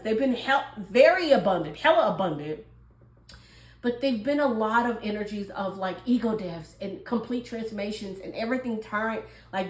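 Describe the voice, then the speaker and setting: A woman giving a casual tarot reading, chatty and musing, often laughing as she talks. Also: medium pitch. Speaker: tarot reader.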